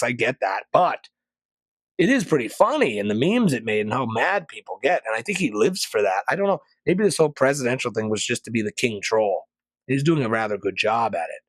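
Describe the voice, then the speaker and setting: A man hosting a podcast, ranting sarcastically in a casual monologue and jumping to loud, high peaks. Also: dry recording. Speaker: podcast host.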